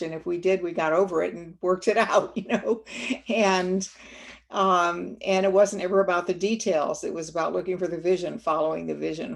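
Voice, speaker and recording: A woman guest speaker telling a reflective story in a webinar, gentle and unhurried, with many fillers and restarts. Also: lowish voice, creaky.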